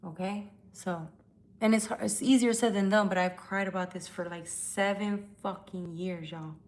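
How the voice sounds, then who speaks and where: A woman of middle pitch hosts a live tarot stream into her phone. She talks bluntly and swears freely. She calls out commenters without holding back. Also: steady tone, moderate pace. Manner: blunt, profane, confrontational. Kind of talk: casual live-stream chat.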